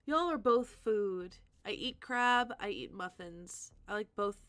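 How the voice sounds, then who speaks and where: A woman's voice: medium pitch, expressive, takes it slowly, a bit bright. A woman hosting a live stream, chatting casually and answering viewers' comments as she thinks aloud. She is tired and sleepy. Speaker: livestream host.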